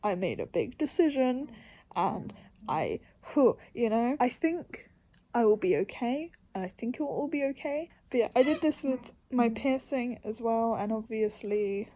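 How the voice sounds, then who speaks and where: A young woman with a fairly high voice talks casually to camera. She rambles and makes fun of herself, laughs a lot, and often drops to a soft half-whisper. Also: animated, a little slow, slight background noise. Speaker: vlogger.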